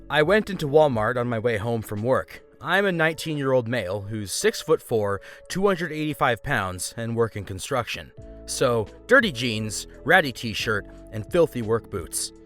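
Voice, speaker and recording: A man hosting a show and reading online stories aloud in a lively, expressive way. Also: medium pitch. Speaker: host and story reader.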